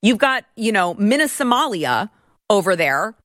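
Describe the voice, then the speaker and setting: A woman's voice: medium pitch, very animated, normal speed, fairly bright tone, no echo, clean studio sound. A woman in her thirties hosting a political commentary show, talking in an indignant, ranting way.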